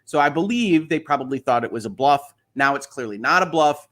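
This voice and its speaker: A man's voice: fairly high pitch, expressive, a little fast, fairly bright tone. Man, host, casual livestream chat, explains legal points, reads viewer questions.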